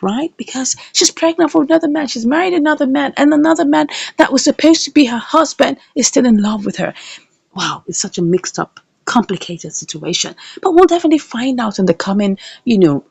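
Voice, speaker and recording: A woman reviewing a comedy series, recapping an episode in an animated way and acting out the characters' lines as she retells them. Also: a little high, vocal fry, slightly rough, dry recording, dull audio.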